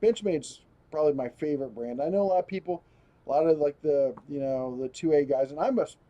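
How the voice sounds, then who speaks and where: A man's voice: on the high side, fairly quick, mellow, lo-fi sound. A man hosting a casual live stream, rambling as he reads viewer comments aloud and chats. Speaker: host.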